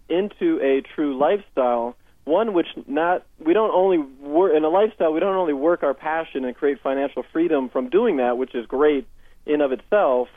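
A life coach with a Southern Californian accent and a voice on the high side tells upbeat client stories as a phone guest on a radio interview, quoting clients in dialogue. Through his phone headset the line sounds dry and tinny, with no room sound.

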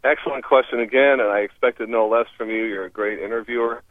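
A man with a mid-range voice speaks fast and with fairly even intonation, and there's no room sound. He's a language expert guest on a radio interview, explaining foreign phrases over a tinny phone line in an upbeat, teacherly manner and laughing easily.

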